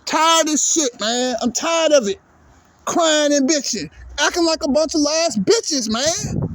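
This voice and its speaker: A man's voice: extremely high pitch, animated, unhurried, a bit bright, dry recording. A man hosting his own sports channel, delivering a heated, profane, repetitive rant at his viewers. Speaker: sports vlogger. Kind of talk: angry ranting monologue.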